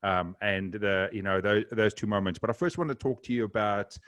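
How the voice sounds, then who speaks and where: A man's voice: lowish voice, fairly quick, a bit bright, dry recording, clean studio sound. A man hosting a podcast interview, asking questions casually with frequent hesitations. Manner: casual, hesitant, many ums. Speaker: podcast host.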